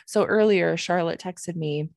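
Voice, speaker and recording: Low-voiced young woman, swearing storyteller. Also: measured pace, slight background noise. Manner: swears freely, animated storytelling with quoted voices. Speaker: podcast co-host. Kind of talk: casual chat. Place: home.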